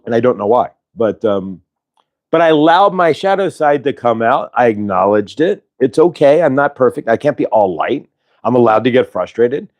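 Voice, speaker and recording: Man, card-reading livestream host, halting and rambling, mid-range voice. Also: medium pitch. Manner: rambling, halting, many fillers and restarts. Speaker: channeler and show host. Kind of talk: casual spiritual livestream chat.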